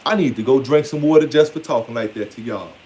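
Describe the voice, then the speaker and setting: A man's voice: medium pitch, quick pace, a little mellow, a little hiss or hum. A man giving a casual, blunt, playfully scolding monologue on spirituality. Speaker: spiritual speaker.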